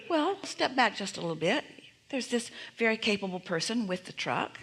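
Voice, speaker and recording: A woman's voice: fairly high pitch, very animated, moderate pace, a bit bright, slightly rough. A woman teaching a live seminar audience, speaking as "we", with emphatic repeated affirmations and frequent rhetorical questions.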